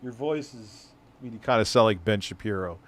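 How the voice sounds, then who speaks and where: A man's voice: lowish voice, brisk. A middle-aged man hosting a live stream, reacting to a clip with casual, mocking, profane commentary.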